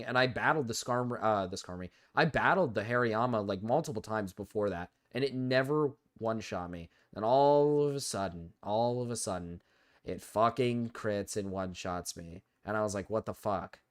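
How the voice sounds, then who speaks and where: A man's voice: on the low side, normal speed. Sick young man swearing while streaming. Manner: frustrated, swears constantly. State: sick with a cold. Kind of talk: live gaming stream commentary.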